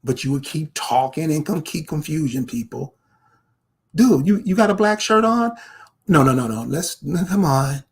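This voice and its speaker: A man's voice: a little high, animated, normal speed, husky. A man delivering a confrontational commentary, firing rhetorical questions straight at the viewer. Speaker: online commentator. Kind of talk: ranting commentary to camera.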